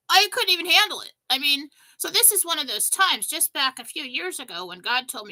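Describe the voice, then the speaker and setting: A woman hosting a show, telling a spiritual story in an emphatic, breathless, animated way. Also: high voice, normal speed, few pauses, poor audio. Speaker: show host.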